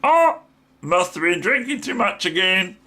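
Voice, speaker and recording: A man with a New Zealand accent voicing a chirpy, playful male toy penguin in a squeaky voice that repeats itself quickly. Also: very animated, pushed and bright, exaggerated voice. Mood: sheepish. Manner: squeaky, repeats "yeah" rapidly, giggly.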